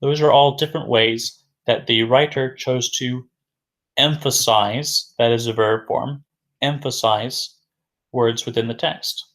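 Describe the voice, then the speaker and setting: A man's voice: mid-range voice, fairly even intonation, measured pace, fairly bright tone. A man teaching an English vocabulary lesson who repeats key words and asks questions before answering them himself.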